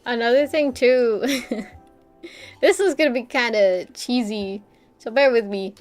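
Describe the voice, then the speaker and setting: A woman's voice: fairly high pitch, slow, darkish tone, faint music behind. A young adult woman streamer who chats casually while drawing, rambling and self-deprecating and laughing often.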